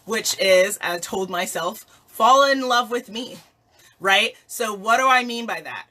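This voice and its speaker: A woman host giving an energetic motivational talk to her viewers, emphatic and laughing often. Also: medium pitch.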